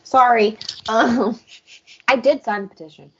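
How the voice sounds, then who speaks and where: A woman co-hosting a book podcast in casual chat, lively and quick to act out what others said. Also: fairly high pitch, a little hiss or hum. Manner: animated, acts out quotes of others. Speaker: podcast co-host. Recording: dull lo-fi podcast audio.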